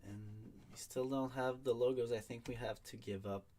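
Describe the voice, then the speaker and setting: A man's voice: mid-range voice, fairly even intonation, normal speed, mellow, a little hiss or hum. A man hosting a casual draft show, talking with many hesitations and fillers.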